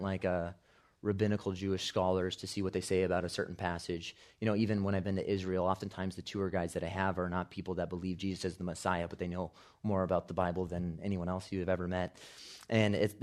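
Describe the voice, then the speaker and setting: A man preaching a sermon, building from calm storytelling to loud, shouted climaxes. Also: sits low. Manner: preaching with big swells, shouting quotes at climaxes. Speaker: pastor.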